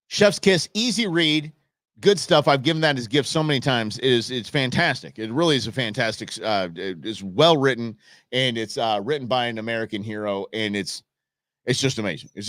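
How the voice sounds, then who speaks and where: A man hosting a live stream, talking in a loose, rambling way full of restarts and jokey asides. His pitch swings up and down a lot as he gets worked up. The sound is close and dry, with no room echo. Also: a bit bright. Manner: jokey, opinionated banter. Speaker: host of a live election-night stream. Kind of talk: casual live-stream commentary.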